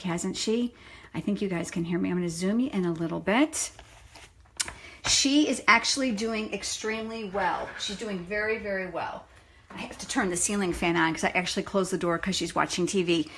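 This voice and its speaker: A woman's voice: mid-range voice, a bit bright. Chatty woman hosting a live stamping demo. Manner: chatty, greets viewers by name, self-deprecating. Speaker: stamping demonstrator. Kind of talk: live craft demonstration. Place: home craft room. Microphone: phone camera.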